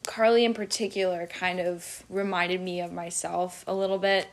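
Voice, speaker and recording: A woman's voice: on the low side, level tone, normal speed. A young woman hosting a casual chat, bubbly and slangy. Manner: bubbly, slangy, laughs often. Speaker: host.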